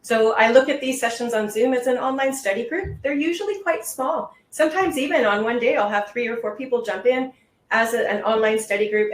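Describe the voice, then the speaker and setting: A woman's voice: mid-range voice, slight background noise. A woman test-prep instructor answering questions on a webinar in a patient, reassuring, explanatory way, over a video call. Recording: roomy echo.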